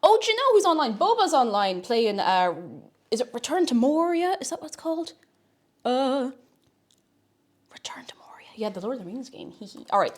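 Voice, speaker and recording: A woman streaming live, chatting casually in a scattered, playful way that breaks into sing-song and shouting. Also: sits high, big pitch swings, fairly quick.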